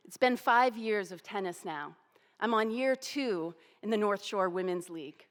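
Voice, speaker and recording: A woman in her forties telling a personal story, animated and self-deprecating. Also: mid-range voice, normal speed, big-room sound. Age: 40s.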